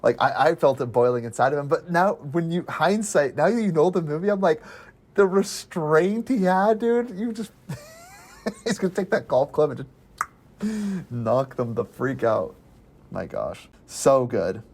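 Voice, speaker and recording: A young man hosting a casual movie podcast, talking excitedly with lots of fillers. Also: on the high side, a little slow. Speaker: movie review podcast host.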